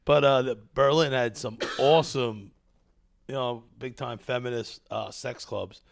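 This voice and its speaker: A man's voice: mid-range voice, fairly even intonation, measured pace, gravelly, slight background noise. A man telling stories in casual podcast banter, rambling with lots of fillers and laughing often. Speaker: comedian guest.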